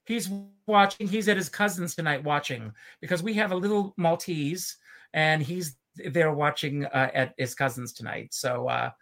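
Halting Southern man hosting a show. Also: a little high, vocal fry, a bit bright. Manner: halting, many fillers. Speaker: show host. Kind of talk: casual chat.

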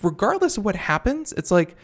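A man hosting a podcast who steers the conversation and tells relaxed anecdotes. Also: high-pitched, brisk. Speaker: podcast host. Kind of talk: casual podcast chat.

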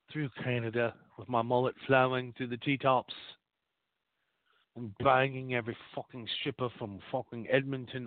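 Male host for a vulgar comic rant, rambling and mock-boastful, mid-pitched, heard over a tinny phone line. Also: no echo. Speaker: radio show host. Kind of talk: crude comic monologue.

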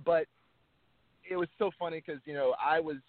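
A man's voice: on the high side, fairly even intonation, normal speed, dry recording. A man, an actor being interviewed, talking earnestly and casually, often repeating words as he restarts. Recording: tinny phone-like line, dry.

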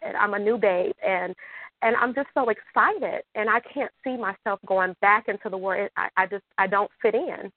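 A woman from Michigan calling in to a radio show, excited and rambling, with many restarts. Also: mid-range voice, normal speed, dry recording. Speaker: caller. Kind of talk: emotional call-in chat. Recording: dry tinny phone line.

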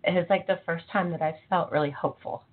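A podcast host conducts a casual interview, her voice on the low side with a steady tone and a quick pace. She talks in an emotional, effusive way, full of fillers. The recording sounds tinny, like a phone line.

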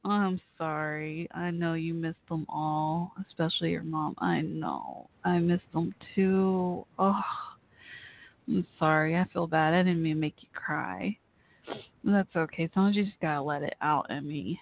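A talk show host chatting casually on an online radio show, reacting excitedly with gasps and exclamations. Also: mid-range voice, unhurried. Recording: dry, phone-like line.

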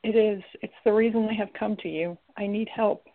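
A woman's voice: medium pitch, fairly even intonation, moderate pace, natural voice. A woman voicing an intense young male demon who speaks earnestly and urgently. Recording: tinny lo-fi recording.

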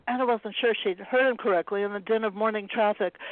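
A woman author reading a passage from her own novel aloud in a steady, even way. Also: mid-range voice, brisk, few pauses, no echo. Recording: dry tinny phone-like line.

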